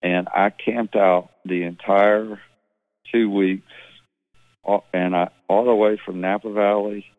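Male musician on a tinny phone line, low voice, rambling storyteller. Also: slow pace, dry recording. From Mississippi. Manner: rambling, relaxed, with many restarts. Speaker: musician guest. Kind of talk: phone interview, casual storytelling.

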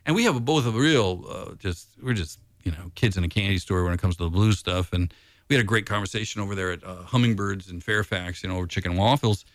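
A man's voice: low-pitched, quick pace, no echo. A man, a blues musician, chatting casually in an interview and rambling in a laid-back way with lots of filler. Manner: rambling and laid-back, heavy on "you know" and "dude".

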